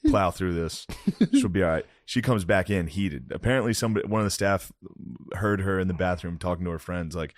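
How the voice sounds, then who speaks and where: Low-voiced man telling a story. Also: brisk, dry recording, studio quality. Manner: laid-back, acts out quoted lines. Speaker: podcast co-host and comedian. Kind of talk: casual storytelling.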